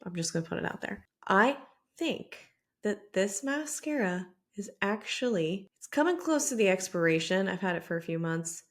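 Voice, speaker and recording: A woman's voice: medium pitch, lively intonation, moderate pace. A woman beauty vlogger chatting casually to camera while she applies makeup, self-deprecating and talkative. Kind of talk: casual makeup tutorial chat. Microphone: camera mic with mirror some distance off.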